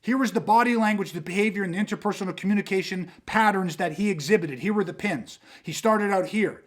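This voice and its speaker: A man hosting a podcast, talking with intensity, swearing freely and acting out quick street confrontations to make his point. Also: sits high. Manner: emphatic, swearing, acts out street exchanges. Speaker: host.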